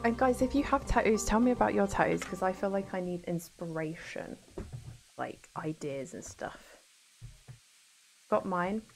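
A woman's voice: mid-range voice, measured pace, gravelly, over music. A young woman chatting casually to her viewers while playing a video game. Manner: chatty, talks to her chat between game moments. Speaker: streamer. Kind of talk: casual gameplay commentary.

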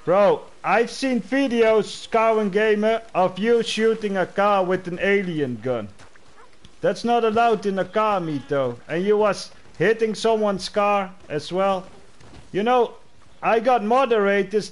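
A man livestreaming a game, chatting casually and greeting players as bro. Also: sits high. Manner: friendly, greets players, calls them bro. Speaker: game streamer.

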